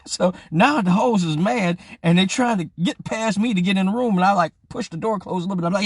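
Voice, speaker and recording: A man's voice: sits high, moderate pace, gravelly, slightly rough, dry recording, clean studio sound. A young man hosting a live stream, telling a profane story, acting out each voice and greeting viewers along the way. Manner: profane, animated, acts out the voices. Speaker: host of a live-streamed show. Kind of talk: casual storytelling.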